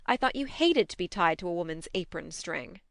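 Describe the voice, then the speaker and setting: Brief: spirited, impulsive young woman read by a woman, smooth and close, audiobook. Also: on the low side, no echo. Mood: brisk teasing. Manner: brisk, lively, impulsive. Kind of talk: audiobook narration.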